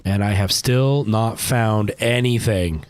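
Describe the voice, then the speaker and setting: Guy live streaming a game, kinda low voice, super anxious, mutters and whispers to himself. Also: slow. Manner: anxious, jumpy, talks to himself under stress. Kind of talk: live gameplay commentary.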